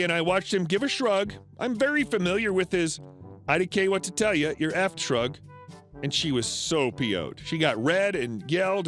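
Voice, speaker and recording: A man with a fairly high voice reads first-person stories aloud. His pitch rises and falls a lot, so the telling sounds animated rather than flat. Soft music plays quietly under him. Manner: steady storytelling read with lively swings into quoted characters. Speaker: narrator. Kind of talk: scripted narration of online stories. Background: faint background music.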